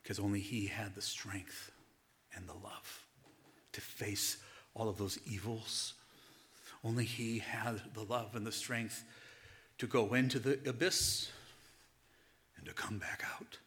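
Male pastor, sermon delivery, sharp bright tone, hushed whispers for emphasis. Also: on the low side, steady tone, unhurried, pauses often, a little hiss or hum. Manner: chuckles between points.

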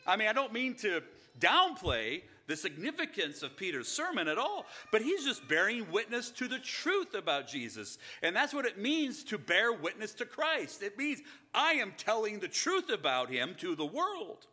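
Middle-aged male preacher with a high voice, earnest and emphatic in the pulpit. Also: huge pitch swings, moderate pace, pushed and bright. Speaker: pastor. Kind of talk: sermon.

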